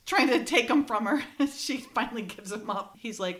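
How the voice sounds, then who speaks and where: A woman's voice: on the high side, moderate pace, few pauses, fairly bright tone. Woman recapping a show, laughing. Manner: retells scenes, reads script lines aloud, laughs often. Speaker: podcast co-host. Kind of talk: casual episode recap chat.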